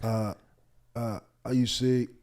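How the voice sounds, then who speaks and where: Man putting on a Nigerian accent, boastful mayoral candidate, mellow low tone, slow drawn-out speech. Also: little pitch movement, natural voice. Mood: suggestive. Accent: put-on Nigerian. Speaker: guest.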